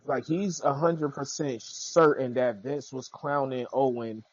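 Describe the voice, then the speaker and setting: A man with a mid-pitched voice talks loosely and jokes around in a casual podcast chat. He thinks out loud as he goes. The audio sounds dull and lo-fi. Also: steady tone, a little slow, breathy edge. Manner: loose, joking, thinks aloud. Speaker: podcast co-host.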